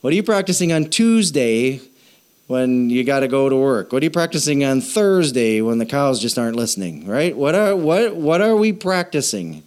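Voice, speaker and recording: A man, a pastor, preaching a sermon in a playful way, acting out little dialogues in quick voices. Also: medium pitch, big pitch swings, darkish tone.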